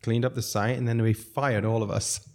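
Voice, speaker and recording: A man's voice: medium pitch, flat delivery, moderate pace, darkish tone. A man from South Africa, a restaurateur guest, telling long rambling stories with frequent chuckles. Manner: rambling, chuckles often, self-interrupting. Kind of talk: casual storytelling.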